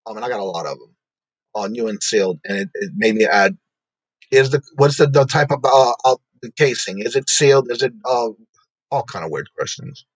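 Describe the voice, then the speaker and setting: A man's voice: medium pitch, lively intonation, fairly quick, husky, no echo, low-quality recording. A man hosting a casual livestream, greeting viewers in the chat by name and laughing often. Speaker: livestream host.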